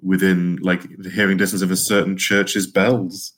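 A man's voice: sits low, level tone, moderate pace, a bit bright. A man playing a tabletop game, making wry joking asides. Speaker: player.

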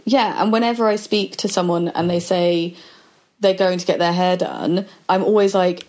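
Chatty woman, low voice. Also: steady tone, normal speed, a little mellow. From Britain. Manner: chatty storyteller acting out quoted dialogue. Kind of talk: conversational podcast chat.

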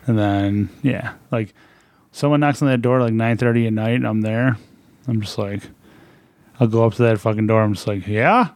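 A man telling a story in casual chat, swearing freely and acting out others in high put-on voices. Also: fairly even intonation, moderate pace, darkish tone.

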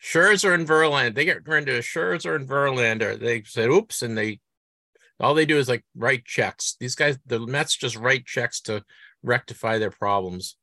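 A middle-aged man with a Boston accent hosts a casual interview. He asks questions in a halting, chatty way and often restarts his sentences. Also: mid-range voice, sharp tone, no echo. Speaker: podcast host.

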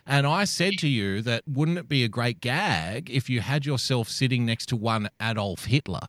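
A man's voice: medium pitch, animated, normal speed, fairly bright tone, no room sound. An Australian man co-hosting a casual podcast, ranting, swearing and laughing often. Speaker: podcast co-host.

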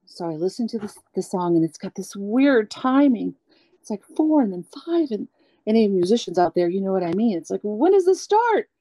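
A woman being interviewed as a guest singer, talking candidly and at length, animated, acting out the people she quotes. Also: mid-range voice, a little fast, dry recording. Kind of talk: candid storytelling chat.

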